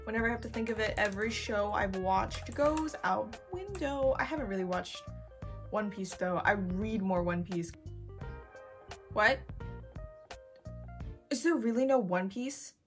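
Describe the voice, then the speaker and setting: A young woman chatting casually while browsing online, expressive and given to excited outbursts. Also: medium pitch, measured pace, long pauses, soft background music. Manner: chatty, expressive, swings to loud excited squeals. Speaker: youtuber. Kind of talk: casual screen-recorded shopping commentary.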